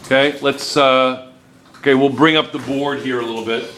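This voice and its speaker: A man's voice: mid-range voice, fairly even intonation, normal speed, a bit bright, far from the mic. A man teaching a chemistry class at the board, repeating himself and checking in with students. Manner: repetitive, checks in often with students. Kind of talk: classroom lecture at a whiteboard. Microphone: camera in the room. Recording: echoey classroom with faint room noise.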